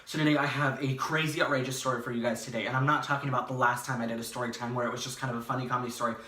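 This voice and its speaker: A young man telling a casual storytime vlog from his bedroom, rambling and animated, full of fillers and restarts. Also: mid-range voice, racing. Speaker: vlogger. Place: his bedroom, in front of a green screen. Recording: echoey room, slightly far from mic.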